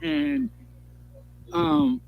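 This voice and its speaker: A man with a high voice and a gravelly edge tells a rambling personal story. He sounds agitated and emotional, swears freely and keeps restarting his sentences. Faint noise sits under his voice. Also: fairly even intonation, extremely slow, lo-fi sound. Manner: rambling, profane, restarts often. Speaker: storyteller in a played clip.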